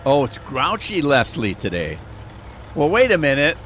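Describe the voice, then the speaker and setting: A man's voice: fairly high pitch, huge pitch swings, moderate pace, fairly bright tone, slight background noise. A man streaming a farming game, chatting casually with his viewers while he plays. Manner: chatty, talks to chat viewers while playing. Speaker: gaming streamer. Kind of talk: casual live-stream commentary.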